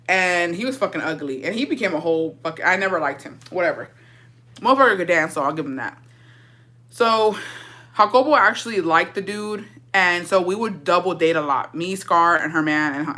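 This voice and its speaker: A woman's voice: fairly low pitch, fairly quick, bright, forceful tone. A woman telling a casual storytime vlog in a blunt, heavily profane way, switching between English and Spanish slang. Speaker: vlogger.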